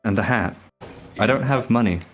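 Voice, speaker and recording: A man's voice: on the low side, moderate pace, over music. A man playing in a tabletop game, chatting playfully and laughing often. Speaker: player. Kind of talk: casual tabletop game chat.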